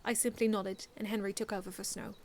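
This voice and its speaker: A woman reading her own first-person fan story aloud in an earnest, expressive way, often restarting lines. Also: mid-range voice, quick pace, a little hiss or hum.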